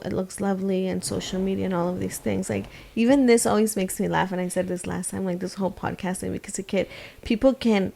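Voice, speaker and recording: Woman, thirties, casual faith chat, soft reflective talk, gravelly fry. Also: medium pitch. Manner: reflective, soft-spoken, laughs often. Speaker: podcast co-host.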